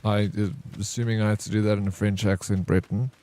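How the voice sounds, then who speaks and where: A man live-streaming a game, chatting and joking with his viewers, and loudly welcoming raiders. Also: lowish voice, fast. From South Africa. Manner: jokey, excitable, banters with chat. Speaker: variety streamer. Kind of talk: casual live-stream chat while gaming.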